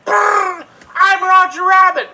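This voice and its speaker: A man on stage voicing a manic, loud male cartoon rabbit in an improv scene. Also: extremely high pitch, fairly even intonation, slow, recorded from a distance, pitched above the performer's own voice, heavily acted, low-quality recording. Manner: shouting, frantic.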